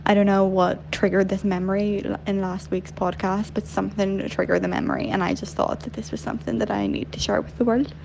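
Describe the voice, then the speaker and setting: A young woman with a Northern Irish accent, worn down a little by years in London, tells a candid, giggly story down a phone line. Her voice has a gravelly fry, with faint noise behind her. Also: medium pitch, fairly even intonation, a little fast, few pauses, darkish tone. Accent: Northern Irish, softened by London. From Northern Ireland. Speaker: caller.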